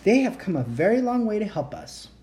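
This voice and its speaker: A woman reading aloud, voicing a gentle, tired young enchantress who speaks calmly and softly while caring for hidden children. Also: mid-range voice, brisk, voice pushed up, lightly acted. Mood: calm, worried. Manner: calm, soft-spoken.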